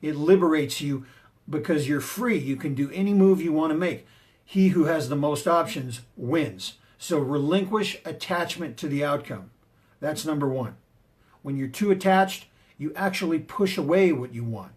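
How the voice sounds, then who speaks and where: A man's voice: fairly high pitch, moderate pace. A man giving a motivational talk on confidence, emphatic and punchy, telling personal stories to drive his points home. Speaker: motivational speaker and martial arts teacher.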